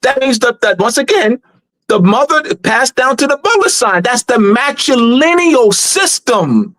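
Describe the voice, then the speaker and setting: A man's voice: very high-pitched, big pitch swings, unhurried, a bit bright, no echo. A man hosting a live teaching discussion, talking emphatically and repeating his points as he urges listeners on. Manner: emphatic and repetitive, urging listeners. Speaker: host.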